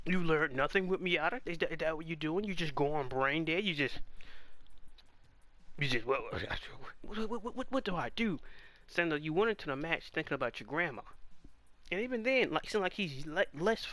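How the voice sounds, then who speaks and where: A man's voice: on the high side, lively intonation, fairly quick, a bit bright, dry recording. A man giving casual commentary on a comic chapter, exasperated and firing off rhetorical questions. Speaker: manga reaction host.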